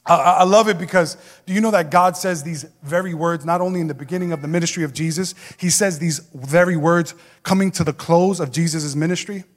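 A man with a bright, high voice preaches a sermon, emphatic and conversational, turning often to the congregation. His voice rings out with a long reverb off the walls of a large church hall. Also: a little fast, hardly any pauses.

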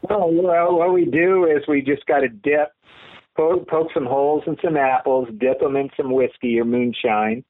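A man's voice: a little high, steady tone, normal speed. Jokey man on a tinny phone-like line. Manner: jokey, laughing while telling gags. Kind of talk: casual joking chat.

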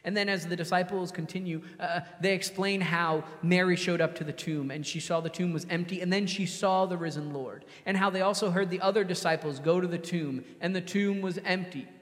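A man's voice: high-pitched, steady tone, fairly quick, few pauses, in a large hall. A man preaching a sermon in a conversational way, acting out the voices of the people he quotes. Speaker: pastor.

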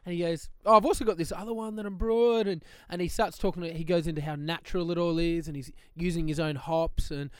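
A man's voice: on the high side, steady tone, fast, few pauses, clean tone, no room sound, clean studio sound. A young adult man telling a story on a podcast, laughing often and acting out the voices he quotes. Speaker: podcast co-host. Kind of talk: casual storytelling chat.

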